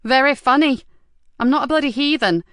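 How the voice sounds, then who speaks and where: A woman narrator voicing a sharp-tongued, weary female police inspector who answers back with sarcasm and defiance. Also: mid-range voice, brisk, no room sound, studio quality, close to an everyday voice. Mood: sarcastic.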